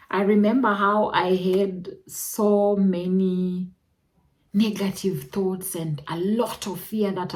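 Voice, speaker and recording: Young woman, Kenyan accent, vlogger, personal storytelling, slow delivery, emotional exclamations. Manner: emotional, animated retelling with sudden high exclamations.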